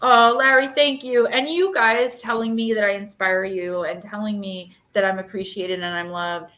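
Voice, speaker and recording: A woman's voice: mid-range voice, normal speed, a bit bright. A woman in her thirties giving chatty, rambling card readings on a live stream in an echoey room. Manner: chatty and rambling, fillers, emotional. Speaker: intuitive card reader.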